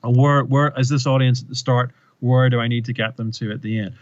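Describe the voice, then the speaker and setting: A male presentation coach talks through a story with emphasis, stumbling and repeating words as he builds his points. His pitch sits in the middle of the range. The audio is dull and dry, as if it were a muffled close mic. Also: fairly even intonation, brisk, no echo. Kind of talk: animated interview storytelling.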